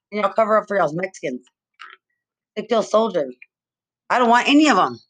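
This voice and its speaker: A woman's voice: mid-range voice, fairly bright tone. Agitated woman ranting, accusatory. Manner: agitated, accusatory, repetitive, profane. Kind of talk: angry rambling monologue to camera.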